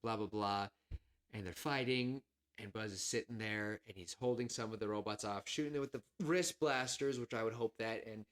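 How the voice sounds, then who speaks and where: Man, podcast co-host, rambling casual chat, excitable, acts out scenes. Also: on the low side, moderate pace.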